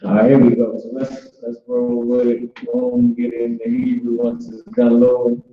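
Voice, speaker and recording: A man teaching an informal online language class, talking loosely with many restarts and filler words like "boom". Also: completely flat delivery, normal speed. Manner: loose, conversational, repeats "boom" and restarts often. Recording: echoey, dull online call audio.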